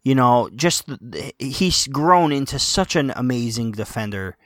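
A man chatting about football on a podcast, passionate and halting, with many restarts. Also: mid-range voice, animated, fairly bright tone, no echo, clean studio sound. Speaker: podcast co-host, Napoli fan. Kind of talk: casual football podcast chat.

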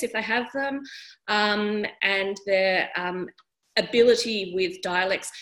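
A woman who produces audiobooks, explaining her studio's work in a panel discussion and pausing often on "um". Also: mid-range voice, fairly bright tone, rough recording. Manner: friendly, explanatory, many ums.

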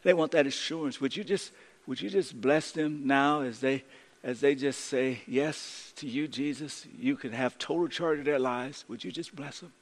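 A man preaching a sermon as pastor, swinging from loud, urgent lines to hushed, slow ones. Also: medium pitch, long reverb tail.

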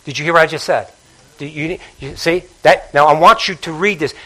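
A man preaching a sermon with passion, dropping to a hush and then rising to call out to the congregation. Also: on the high side, a little fast, poor audio. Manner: passionate, swings between hushed and loud, calls out to congregation.

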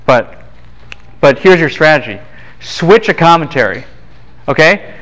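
A man's voice: medium pitch, animated, measured pace, pauses often, fairly bright tone, poor audio. Casual joking male lecturer. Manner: casual, quips and acts out voices of students and scholars. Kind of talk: classroom lecture. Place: university classroom.

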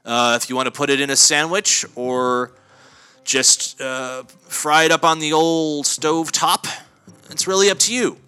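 A man hosts a comedy podcast in a deadpan, mock-self-important monologue, his slightly high voice bright and forceful. He rambles, stumbles over words and corrects himself with frequent fillers. Faint music plays underneath. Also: a little slow, clean tone. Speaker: podcast host.

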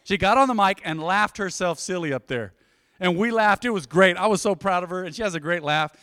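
A man in his forties preaching to a congregation, his voice high and bright as he tells stories and keeps asking the room to answer back. The sound is close and dry. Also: lively intonation, a little fast, smooth, no echo. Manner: storytelling, calls out to the congregation. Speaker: pastor. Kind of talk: sermon.

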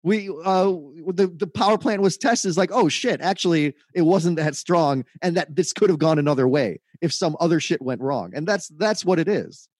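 A man's voice: fairly high pitch, expressive, normal speed, few pauses, a little mellow, no room sound, studio quality. A man co-hosting a podcast, insistently arguing his point in a heated casual debate, repeating himself. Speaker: podcast co-host.

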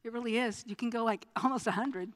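A woman preaching a sermon and telling a personal testimony, with stammering restarts, moving between hushed passages and loud, impassioned ones. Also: fairly high pitch, fast talker, long reverb tail.

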